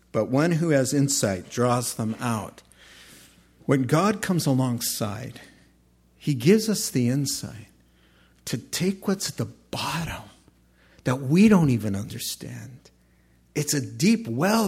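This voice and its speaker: A man preaching a sermon in a conversational, animated way, acting out short voices as he tells stories. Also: mid-range voice, slightly rough. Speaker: pastor.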